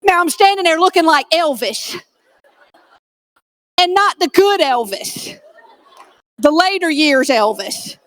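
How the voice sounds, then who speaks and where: A woman's voice: very high-pitched, animated, slow, pauses often, a bit bright. A woman giving a comedic motivational keynote, folksy and self-deprecating, with punchline delivery on a conference stage. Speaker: keynote speaker. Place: conference stage before a live audience.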